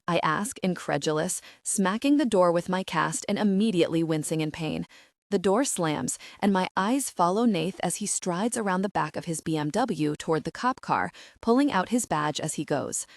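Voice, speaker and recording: A woman reading a dark romance audiobook in first person, with dramatic, tense storytelling. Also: on the low side, expressive, moderate pace, dry recording, clean studio sound. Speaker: audiobook narrator.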